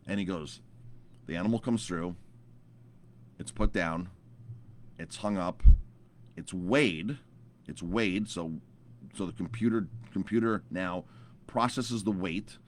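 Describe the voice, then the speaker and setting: A deep-voiced man in his thirties, a chef, tells a long story to camera in a loose, rambling way. He often stumbles over repeated words and fillers as he goes. A faint hum of room sound sits behind him.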